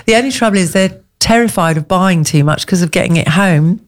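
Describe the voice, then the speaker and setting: A woman's voice: on the low side, brisk. Chatty rambling woman radio host. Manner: chatty, rambling, laughs often. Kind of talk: casual radio chat. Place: radio studio.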